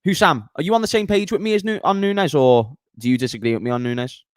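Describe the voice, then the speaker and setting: A man's voice: fairly high pitch, fast talker, no room sound, studio quality. A man from Liverpool with a London accent, a panelist chatting about football in a laid-back, jokey way. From Liverpool, England. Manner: laid-back, jokey banter with local slang. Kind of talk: casual football chat.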